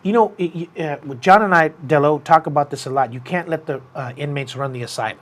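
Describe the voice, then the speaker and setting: A somewhat high-voiced man chatting casually on a combat sports show. He tells his story with animated energy and slips into a raised voice whenever he quotes someone. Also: quick pace. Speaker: podcast host.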